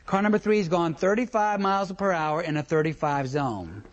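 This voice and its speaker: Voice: mid-range voice, normal speed, muffled recording. A traffic school instructor giving a comic lecture to a class, telling stories and quizzing the room. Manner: joking, storytelling, quizzes the room.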